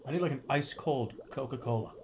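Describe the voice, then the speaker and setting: A man's voice: medium pitch, a little fast, background noise. A streamer from Boston, joking and swearing in casual livestream chat while he eats, talking with his mouth full. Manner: joking, profane, reacts to chat.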